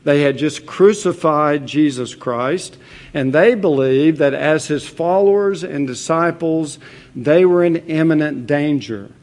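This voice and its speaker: A pastor delivering a sermon at an unhurried, deliberate pace. He speaks in an earnest, measured way and sits a little higher in pitch than most men. He pauses now and then on a filler while he explains. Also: a little mellow.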